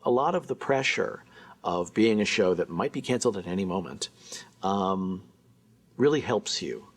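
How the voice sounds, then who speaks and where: Husky low-voiced man recalling his show. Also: animated, moderate pace. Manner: reflective, searching for words with fillers. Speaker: show creator. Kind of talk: documentary interview.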